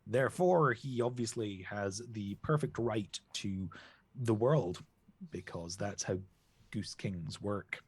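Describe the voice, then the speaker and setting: A man's voice: lowish voice, slow, husky, no echo, exaggerated voice. A man doing a pompous octopus with a mock French air. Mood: grand, fawning. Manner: mock French-tinged theatrical voice. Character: pompous male octopus, grandly fawning.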